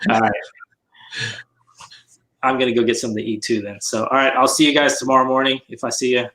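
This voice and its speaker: A man hosting a casual online hangout, relaxed and brief. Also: medium pitch, normal speed, long pauses. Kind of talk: casual chat.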